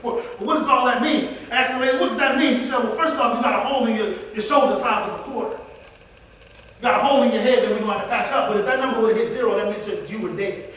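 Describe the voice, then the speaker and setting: A man whose voice sits high with a fairly bright tone gives a preacher-like motivational speech, calling out to listeners. The recording captures him distantly in a large, echoing hall, with faint noise.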